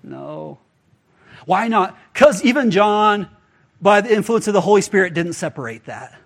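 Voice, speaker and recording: A man with a high voice preaching in a loose, conversational way. He talks to the congregation like friends and slips into little acted-out voices for the people in his stories. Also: moderate pace, gravelly. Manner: casual and animated, acts out quoted voices. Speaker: pastor. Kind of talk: conversational sermon.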